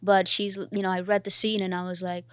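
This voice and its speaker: A young actress talks about her craft in an earnest, animated way, often slipping into quoted dialogue. Her voice sits at a middle pitch, recorded close and dry. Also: brisk, smooth, no room sound. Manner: animated, earnest, quoting herself and others. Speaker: actor, interview guest. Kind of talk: casual interview.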